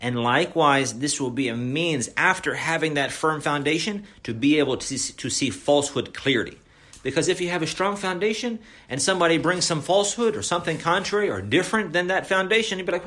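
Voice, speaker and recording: Animated man preaching with rhetorical questions. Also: fairly high pitch, fast. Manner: mixes Arabic phrases into English. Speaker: Islamic preacher. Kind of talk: religious lesson.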